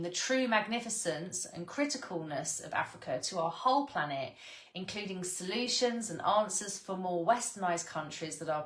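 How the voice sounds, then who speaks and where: A woman's voice: lowish voice, fairly bright tone, reverberant. A woman reading her own spiritual book aloud in an earnest, gushing way, stopping for sighs and exclamations. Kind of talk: read-along of a spiritual book with personal asides.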